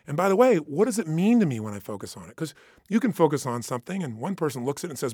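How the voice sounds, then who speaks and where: A man giving an intense, emphatic motivational talk, swinging between loud bursts and hushed asides. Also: a little high, big pitch swings, fast, husky, no echo, clean studio sound. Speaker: motivational speaker.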